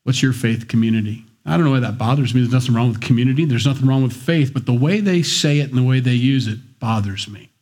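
A man's voice: medium pitch, fast talker, few pauses, a little mellow, slightly rough. Conversational male Bible teacher. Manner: conversational, wry asides, acts out voices. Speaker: pastor.

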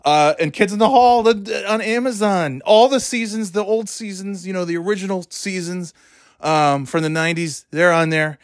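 A man enthusing about a video in casual chat before signing off quickly. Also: high voice, no echo, clean studio sound. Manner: enthusiastic, laughing, quick sign-off.

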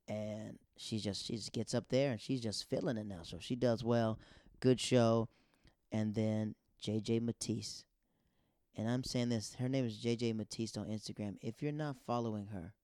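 New comedian guy rambling thru stories on his podcast, warm low-key tone, dry close sound. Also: clean tone, no room sound. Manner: animated, repeats himself, quotes others in quick voices. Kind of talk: casual storytelling monologue.

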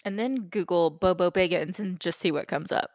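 A woman co-hosting a podcast in casual, animated chat, giggling often. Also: fairly low pitch, dry recording, studio quality. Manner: animated, giggly, quick asides. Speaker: podcast co-host.

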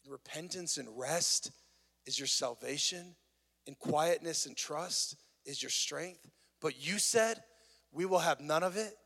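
A pastor speaks in a slightly higher man's voice, preaching in a conversational, earnest way that builds in intensity. His words ring out with the long reverb of a large hall. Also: measured pace, creaky, sharp tone. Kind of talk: sermon. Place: worship venue.

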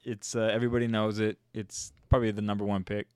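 A man's voice: lowish voice, flat delivery, quick pace, darkish tone, clear, resonant tone, dry recording, studio quality. A man from Saskatchewan, Canada, hosting a podcast with playful, teasing banter. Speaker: podcast host. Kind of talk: casual chat.

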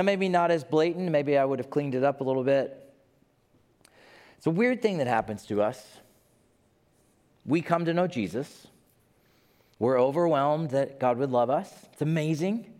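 A pastor in his fifties preaching a sermon, animated and acting out the voices he quotes. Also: fairly high pitch, unhurried, pauses often. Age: 50s. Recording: long reverb of a large hall.

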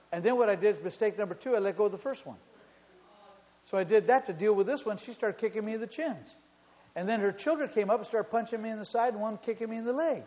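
A male pastor preaching a sermon in a church, telling stories in an animated way and repeating phrases for emphasis. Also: high-pitched. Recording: reverberant hall, dull sound.

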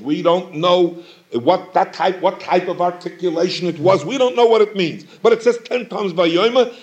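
A man's voice: sits high, a little mellow. A man teaching a Torah lecture, posing questions and repeating phrases for emphasis. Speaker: rabbi teaching Talmud.

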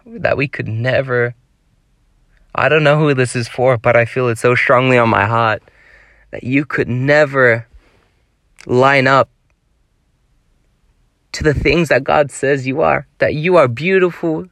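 A man's voice: mid-range voice, measured pace, pauses often, fairly bright tone, no room sound. A man preaching a devotional sermon, pleading with his listeners in an earnest, exhorting way.

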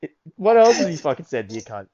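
A young man in his early twenties spins crude work stories on a casual podcast, swearing freely and laughing as he goes. His voice sits a touch higher than most men's. The sound is dull and lo-fi. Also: very animated, fast, warm tone. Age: early 20s. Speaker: podcast co-host. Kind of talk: casual storytelling chat. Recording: lo-fi dull audio.

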